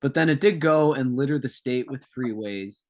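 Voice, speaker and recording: A man's voice: medium pitch, moderate pace. A man co-hosting a casual podcast, reading notes aloud with joking asides and tangents. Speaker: podcast co-host.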